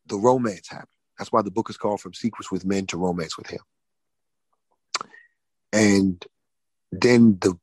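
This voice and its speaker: A man on a podcast telling an emotional personal testimony, often restarting and repeating words, swinging between loud and hushed. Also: medium pitch, breathy edge, no echo, low-quality recording. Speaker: podcast guest.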